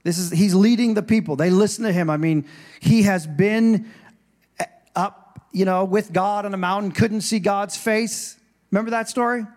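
A man's voice: high voice, normal speed, a little mellow. A male pastor preaching a sermon in a church, conversational and digressive, with restarts, and acting out scripture voices with rising emphasis.

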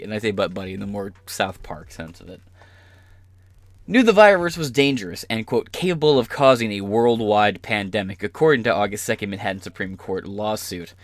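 A man's voice: lowish voice, no room sound. A man hosting a podcast, delivering heated, sarcastic political commentary full of profanity. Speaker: podcast host.

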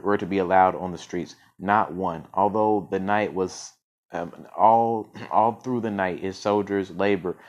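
A man reading a story aloud, stumbling over words and often restarting mid-phrase. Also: low voice. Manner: stumbling reading with frequent restarts and self-corrections. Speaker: podcast storyteller.

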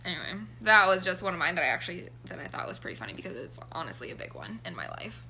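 A young woman co-hosting a casual chat, animated and quick to groan in mock disgust. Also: on the low side, a little hiss or hum. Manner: chatty, animated, exaggerated groans. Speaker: podcast co-host.

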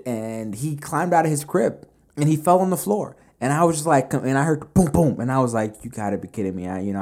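A man hosting a casual talk on leadership, animated and conversational, full of fillers as he tells stories. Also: lowish voice. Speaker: business podcast host.

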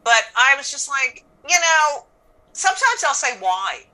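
A woman's voice: high voice, lively intonation, normal speed, bright, forceful tone, low-quality recording. A woman comedian telling stories in casual chat, blunt and profane, acting out what people said. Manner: blunt, profane, storytelling with acted-out quotes. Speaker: comedian guest.

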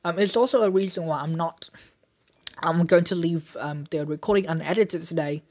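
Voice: medium pitch, normal speed, a little mellow. Rambling podcaster with many "um"s. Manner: frequent "um" fillers and self-corrections; chatty, self-deprecating with small laughs. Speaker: podcast host. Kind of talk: improvised solo Q&A, unedited one take.

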